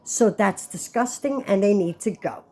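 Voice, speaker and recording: A woman's voice: medium pitch, moderate pace, darkish tone, faint music behind. A woman hosting her own channel, giving blunt, opinionated commentary in a casual vlog. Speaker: channel host.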